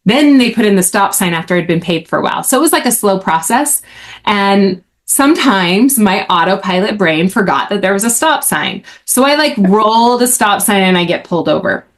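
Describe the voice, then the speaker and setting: Woman, podcast host, candid storyteller, conversational with lively rises. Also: moderate pace. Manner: chatty, frequent "like", rises in pitch when excited.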